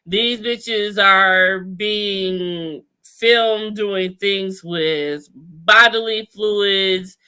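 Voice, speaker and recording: A woman's voice: medium pitch, extremely slow, hardly any pauses, bright, forceful tone, clean tone. A woman co-hosting a casual TV recap chat, laid-back and profane, laughing often. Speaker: podcast co-host.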